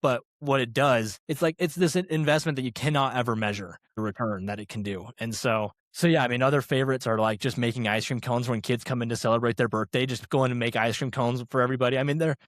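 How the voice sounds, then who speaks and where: Animated man telling stories, dry close mic. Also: medium pitch, fast talker, hardly any pauses, dry recording. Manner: animated, acts out quoted dialogue, many fillers like "like" and "right?". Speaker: guest, former restaurant training director. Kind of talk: casual conversational storytelling.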